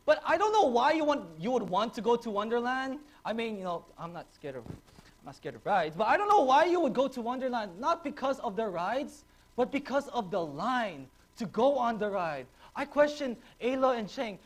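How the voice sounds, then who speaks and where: A man, a pastor, preaching a sermon to a congregation, telling stories in an animated way and laughing often. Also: very high-pitched, moderate pace. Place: church, before a congregation.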